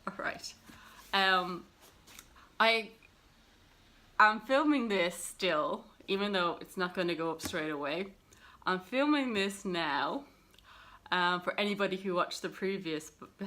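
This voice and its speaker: A woman's voice: medium pitch, sharp tone. A woman talking casually to camera about her books, rambling and self-deprecating with plenty of fillers. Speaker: book vlogger.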